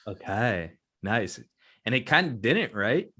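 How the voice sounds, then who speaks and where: A man's voice: on the low side, big pitch swings, takes it slowly, bright, forceful tone. A man hosting a casual interview, chiming in with short reactions and eager praise for his guest. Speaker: show host.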